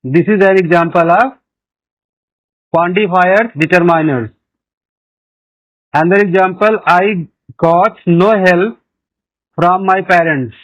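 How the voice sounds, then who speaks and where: Slow, high-pitched male teacher with an Indian English accent, repeats his examples, patient classroom delivery. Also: muffled recording. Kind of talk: grammar lesson.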